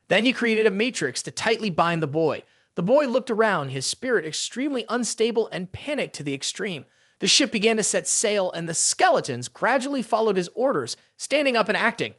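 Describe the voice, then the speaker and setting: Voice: mid-range voice, big pitch swings, moderate pace, a bit bright, no echo. Recap narrator, dramatic storytelling, voice bounces up and down a lot, dry close sound.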